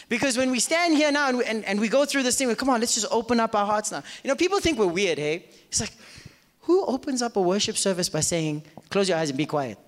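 Animated high-voiced male pastor preaching. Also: fairly quick. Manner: rhetorical questions to the congregation; acts out listeners in quoted voices. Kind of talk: sermon. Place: church auditorium with live congregation. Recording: reverberant church hall.

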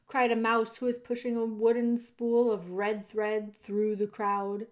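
A woman reads a children's storybook aloud at an unhurried, slow pace. Her telling is expressive, with lively shading of the story's moments. She speaks straight to the listener as she goes. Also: a little high. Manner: expressive, addresses the listener directly. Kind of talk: reading a children's book aloud.

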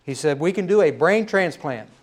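A man's voice: a little high, animated, normal speed. Folksy middle-aged preacher man. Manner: folksy storytelling, conversational asides. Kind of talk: sermon with a told joke.

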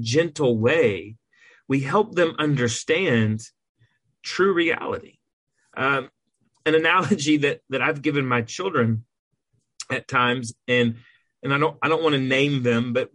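A male podcast co-host who is an adoptive parent talks earnestly and emphatically, often restarting his sentences. His voice is medium in pitch and a bit bright, recorded with no echo.

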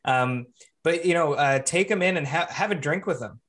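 A man's voice: on the high side, moderate pace, fairly bright tone. Rambling male podcast host. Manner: rambling, filler-heavy, restarts sentences. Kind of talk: conversational podcast interview.

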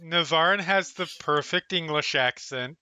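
A man's voice: a little high, unhurried, bright, forceful tone, clean tone, dry recording. A man playing in a tabletop game, chatting casually with joking, dry sarcastic remarks. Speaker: player.

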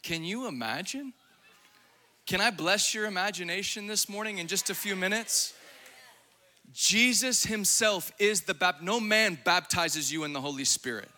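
Young guy preaching hard, high voice, super bright and sharp, shouts and laughs. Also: moderate pace. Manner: fiery, exuberant, shouting and laughing at times; acts out quoted voices in his preaching. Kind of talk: sermon.

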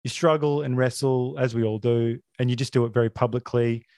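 A man who is not American hosts a podcast and rambles in an opinionated way, full of fillers and restarts, at a middle pitch. His voice sits close and dry, with no room sound around it. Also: steady tone, a little fast, a little mellow, dry recording. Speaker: podcast host. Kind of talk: casual film chat.

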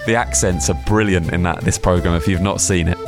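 A man's voice: sits low, fairly even intonation, fairly quick, music in the background. A man co-hosting a radio chat, telling rambling, self-deprecating stories full of restarts. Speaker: radio co-host.

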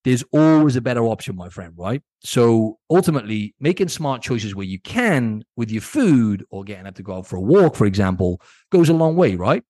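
A man's voice: medium pitch, very animated, normal speed, mellow, dry recording, clean studio sound. Blunt casual man hosting a podcast. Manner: blunt, casual, keeps asking "right?", swears. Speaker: podcast host and coach. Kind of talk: solo podcast advice talk.

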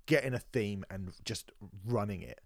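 A man co-hosting a casual music podcast, talking in animated, sweary bursts with many restarts. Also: on the low side, moderate pace, dry recording, clean studio sound. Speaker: podcast co-host. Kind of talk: casual music review chat.

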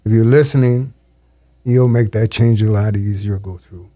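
A man in his seventies, a storyteller, talking in an interview in an earnest, halting way with frequent restarts, in a studio. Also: fairly low pitch, warm tone, dry recording. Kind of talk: reflective interview talk.

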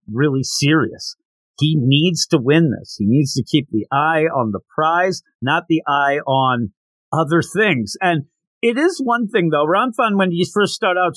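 Lively, animated man recapping a comic. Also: on the high side, no room sound, low-quality recording. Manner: animated storyteller, jokey asides. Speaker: podcast host. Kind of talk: casual manga chapter recap.

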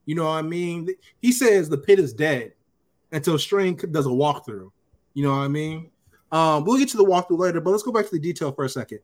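A man on a casual podcast tells what happened in an episode. His voice sits a bit high, and he jumps into the characters' lines as he goes. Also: brisk. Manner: animated storytelling, acting out characters' lines. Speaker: podcast host recapping a TV episode. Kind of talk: casual chat.

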